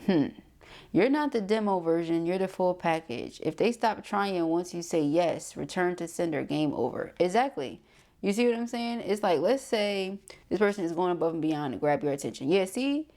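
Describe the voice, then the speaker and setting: A woman giving a tarot reading straight to her viewers, talking in a loose, slangy way. She is sassy and blunt, breaks into quick laughs, and calls her listeners honey and child. Her speaking voice sits a little low for a woman. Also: expressive, darkish tone. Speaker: tarot reader and spiritual coach. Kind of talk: casual chat to viewers.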